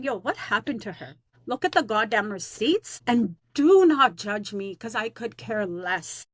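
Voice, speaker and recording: A woman's voice: on the high side, a bit bright, no echo. A woman who is a teacher on leave, talking in a casual vlog rant, blunt, slangy, defiant and rambling with lots of fillers.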